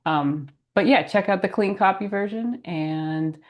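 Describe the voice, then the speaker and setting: A woman's voice: mid-range voice, a little slow. A woman with a groggy voice, feeling ill, giving a planning update to a town meeting over a remote call. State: groggy voice from illness. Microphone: video call.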